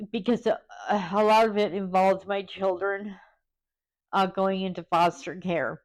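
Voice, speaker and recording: A woman vlogger talking candidly and hesitantly, pausing often and close to tears. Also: medium pitch, fairly even intonation. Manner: halting and hesitant, many pauses; openly vulnerable, close to tears. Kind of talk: candid personal vlog.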